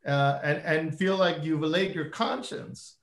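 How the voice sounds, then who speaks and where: A man speaking as a panelist on a virtual conversation, measured and hesitant, pausing on fillers. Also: on the high side, steady tone, roomy sound. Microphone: video call.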